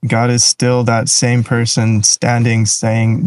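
A man's voice: mid-range voice, completely flat delivery, slow, a little mellow, dry recording, low-quality recording. A man in a casual faith conversation, speaking reflectively with restarts and trailing phrases.

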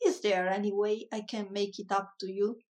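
A woman voicing a lonely, timid ghoul who hides in attics, speaking a little higher and louder than her narration. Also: level tone, normal speed, recorded from a distance, close to an everyday voice. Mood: eager. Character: lonely timid household ghoul, sulky and pleading.

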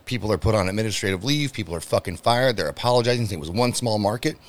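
A man's voice: on the low side, lively intonation, fast talker, dry recording. A man hosting his own podcast, delivering a heated, profanity-heavy solo rant straight to his listeners. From United States. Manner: direct address to listeners. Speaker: podcast host.

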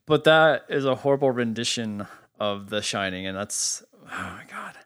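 A man co-hosting a casual podcast, telling a story with animated, profane energy. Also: mid-range voice, normal speed, smooth. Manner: animated storyteller, swears freely. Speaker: podcast co-host.

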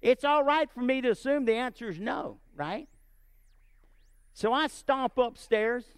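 A man preaching and telling a personal story, animated and often checking in with his listeners. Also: very high voice, measured pace, clean tone, no room sound. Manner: animated, asks the audience often. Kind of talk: sermon storytelling.

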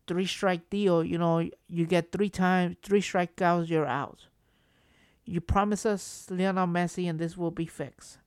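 A man's voice: high-pitched, no room sound, studio quality. A man vlogging as a football fan, ranting with passion and exasperation, swearing freely and repeating himself for emphasis. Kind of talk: emotional fan rant to camera.

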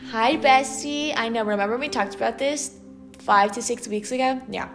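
Chatty young woman podcasting solo, valley girl accent, very animated, says like a lot. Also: fairly high pitch, normal speed, music in the background. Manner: animated, chatty, heavy use of "like" and "okay". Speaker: student podcast host. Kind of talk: casual solo podcast monologue.

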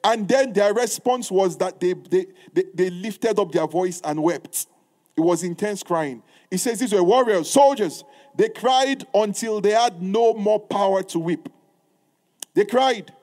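High-voiced emphatic male preacher. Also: measured pace, a little mellow. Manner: reads scripture aloud in old-style wording. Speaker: pastor. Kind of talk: sermon.

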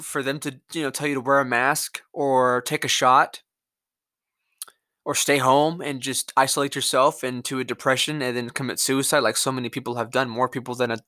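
A young man with a Mississippi drawl runs an angry political rant on his podcast, cursing heavily and restarting as he rambles. His voice is a little high with a sharp tone, recorded in clean studio sound with no echo.

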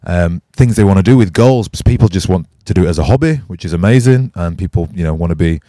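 A man from hosting a casual podcast, chatty and laughing often, his voice a little croaky. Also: deep voice, animated, fast talker, dark tone, no echo, studio quality. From England. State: slightly croaky after a night out. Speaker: podcast host. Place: music studio.

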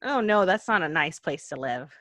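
Lively low-voiced woman, joking. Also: moderate pace, no echo, studio quality. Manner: joking, teasing, lots of fillers. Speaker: podcast co-host. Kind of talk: casual chat.

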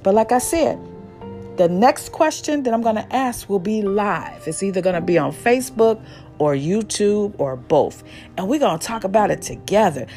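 A woman's voice: medium pitch, animated, moderate pace, warm tone, soft background music. A woman hosting a solo advice podcast, chatty and preachy, talking straight to her listeners. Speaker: podcast host.

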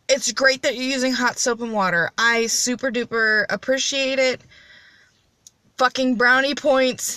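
A young woman who is high talks casually into a dry, close mic. Her voice sits a bit high and comes across bright and forceful. She rambles with blunt, profane humor. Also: no echo. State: high on cannabis. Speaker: podcast host. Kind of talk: casual solo chat.

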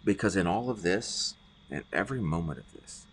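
A man's voice: sits low, expressive, normal speed, slight background noise. A middle-aged man preaching a podcast sermon as pastor, earnest and often repeating words as he stresses a point.

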